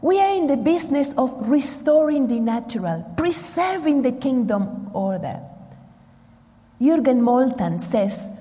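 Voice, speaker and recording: A woman from Argentina delivers a sermon slowly, leaning on each phrase with dramatic pauses. Her voice sits a little high and sounds mellow. The long reverb of a large hall hangs behind her words. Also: big pitch swings. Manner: slow, emphatic preaching with dramatic pauses. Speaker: preacher.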